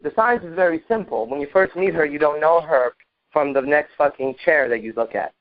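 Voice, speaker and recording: A man's voice: on the high side, a little fast, no echo, narrow, tinny audio. A man co-hosting a podcast, giving emphatic, profane dating advice and acting out sample conversations. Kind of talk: animated casual advice talk.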